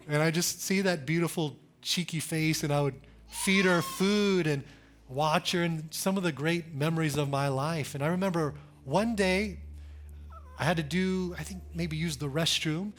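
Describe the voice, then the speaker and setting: A pastor in his thirties preaching a sermon in church, speaking with slow emphasis, repeating phrases and building to urgent calls. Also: fairly high pitch.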